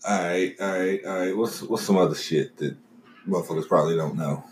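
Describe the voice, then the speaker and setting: A man's voice: sits low, a little fast, darkish tone, slight background noise. A man casually quizzing his friends on pop-culture trivia, teasing and cursing freely. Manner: profane, teasing quizmaster. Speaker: host asking trivia. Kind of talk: casual chat. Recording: echoey room with faint ambience.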